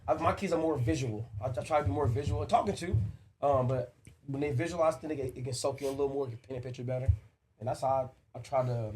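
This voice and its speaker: A man's voice: mid-range voice, fast talker, a little mellow, slight background noise. A man co-hosting a podcast, talking earnestly and emphatically about raising his two boys, often repeating himself. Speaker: podcast co-host. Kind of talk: casual chat.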